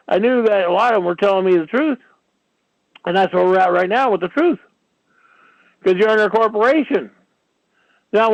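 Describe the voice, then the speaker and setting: Man, radio host, high-pitched, rough fry in the voice, rambling rant, filler-heavy, dull lo-fi sound. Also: dry recording. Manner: ranting, filler-heavy, many "you know"s. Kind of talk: rambling talk-radio monologue.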